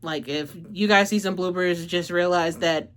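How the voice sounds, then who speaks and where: A woman with a slightly low voice hosts a casual book review, gushing with feeling. She peppers nearly every phrase with "like" and the odd swear word. She sounds a little out of breath. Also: steady tone, moderate pace, fairly bright tone. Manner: gushing, emotional, heavy use of "like", profanity, laughs a lot. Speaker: book reviewer and channel host. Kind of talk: casual audiobook review vlog.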